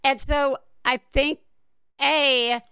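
A woman's voice: high-pitched, fairly even intonation, extremely slow, pushed and bright, dry recording. A woman hosting a podcast, chatting casually with an enthusiastic, giggly manner on a close mic. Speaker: podcast host.

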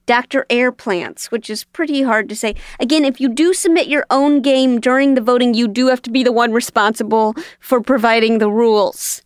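A woman co-hosting a casual comedy podcast, teasing and playful as she makes a pledge pitch. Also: moderate pace, few pauses, smooth, no echo, clean studio sound. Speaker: co-host.

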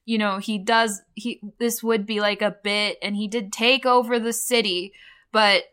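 Bright-voiced woman laughing through chat. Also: mid-range voice, measured pace, smooth. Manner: laughing, animated storytelling. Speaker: podcast co-host. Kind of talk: casual chat.

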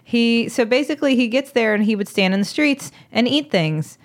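A woman's voice: on the high side, normal speed. A woman hosting a podcast, telling a history story in casual chat and laughing often. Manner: giggly, amused storyteller. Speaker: podcast host.

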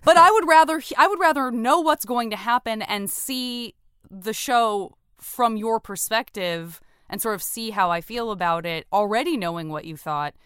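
A woman's voice: fairly high pitch, moderate pace, a bit bright, smooth, no echo, clean studio sound. A woman hosting a podcast, talking in a rambling, casual way and laughing often. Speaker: podcast host. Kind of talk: casual chat.

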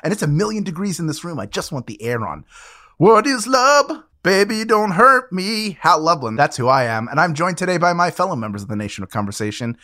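Bright-voiced tired male podcast host. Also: fairly high pitch, very animated, fast, hardly any pauses. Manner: jokey, tired, rambling. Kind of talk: casual chat.

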